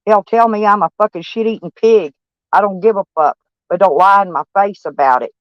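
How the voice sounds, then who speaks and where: Brisk and medium-pitched, an older van-life vlogger rambles to camera about her day with blunt profanity. The recording is dull and dry, without any room sound.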